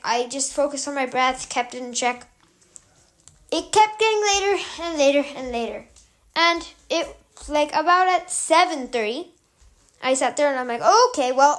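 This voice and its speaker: A young woman podcast host telling a story in a calm, chatty way, loose with fillers. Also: high-pitched. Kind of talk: casual storytelling.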